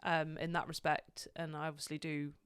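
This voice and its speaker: A young woman guest on a podcast, talking casually and easily, often pausing with small fillers. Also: low voice, little pitch movement, a bit bright, clear, resonant tone, dry recording, clean studio sound. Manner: easygoing, hesitant with fillers. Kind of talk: casual chat.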